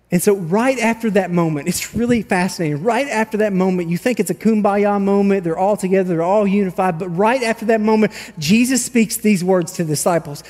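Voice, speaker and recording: A man's voice: sits high, a little fast, hardly any pauses, a little mellow, long reverb tail. A man preaching a sermon, telling a story with animation and reading scripture aloud. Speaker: pastor. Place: large church hall.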